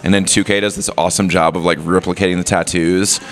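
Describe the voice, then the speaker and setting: A man's voice: low voice, flat delivery, quick pace. A male comedian guest in casual podcast chat, riffing in a laid-back way with lots of "like" fillers.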